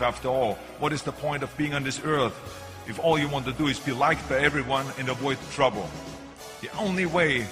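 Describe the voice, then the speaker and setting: An older man with a German accent, giving a motivational speech and telling stories with punchy emphasis. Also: medium pitch. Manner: animated storytelling with punchy emphasis. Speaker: keynote speaker. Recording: echoey hall, faint music.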